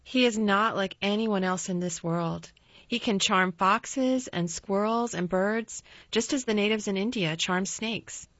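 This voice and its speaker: A woman's voice: mid-range voice, measured pace, a bit bright, no echo, natural voice. A woman voicing a blunt, earnest little girl. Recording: slightly dull dry recording.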